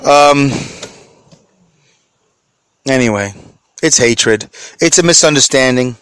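A man's voice: mid-range voice, slow, fairly bright tone, clear, resonant tone, no echo. A middle-aged man hosting a solo podcast from inside his vehicle, rambling, chuckling at himself and answering his own questions. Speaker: podcast host.

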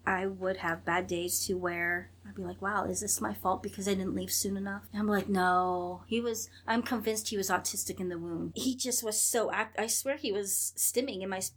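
A woman's voice: mid-range voice, steady tone, normal speed, few pauses, breathy edge. A woman in her thirties, a guest in an interview, telling her story in an earnest, rambling way and acting out what she and others said. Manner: earnest, rambling, quotes herself and others in dialogue. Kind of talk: conversational interview.

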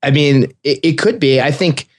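A man co-hosting a casual TV recap podcast, animated and quoting characters. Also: a little high, moderate pace. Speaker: podcast co-host.

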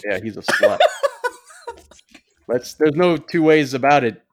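A man co-hosting a casual podcast, laughing often and talking excitedly about a movie. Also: on the high side, slow pace, noisy background. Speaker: podcast co-host.

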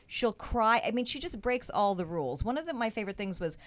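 A woman's voice: a little high, very animated, a little fast, a bit bright, dry recording. Emphatic woman comedian guest, dry sound. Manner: earnest, emphatic explaining. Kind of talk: talk show conversation.

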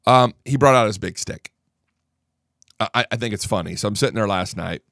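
A man's voice: lowish voice, moderate pace, gravelly, a bit bright, no room sound, clean studio sound. A man hosting a political talk show who rants angrily and combatively. He swears freely and repeats words when worked up. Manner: angry, combative, swears a lot.

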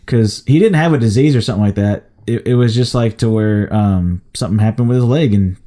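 A young man co-hosting a podcast tells stories in casual chat, his delivery loose, rambling and heavy with fillers. His voice sits on the low side, brisk and warm.

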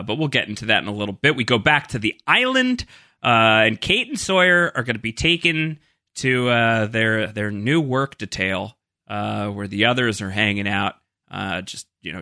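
A man's voice: lowish voice, pushed and bright, no room sound, studio quality. A man co-hosting a podcast, chatting casually and recapping TV scenes with many fillers. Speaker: podcast co-host. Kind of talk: casual chat.

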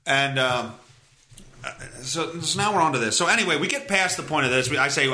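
A man rants through a story on his podcast, swearing and laughing along the way. His pitch sits a bit high and swings widely. The tone is bright and forceful. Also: lively intonation, fairly quick. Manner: profane, exasperated, laughs often. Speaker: podcast host. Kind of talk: ranting comedic storytelling.

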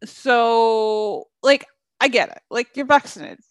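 Young woman podcast co-host, high-ish, dry close mic, breezy and quick to laugh. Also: smooth, no echo. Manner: laughs often, breezy, fact-checking tone. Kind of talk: casual chat.

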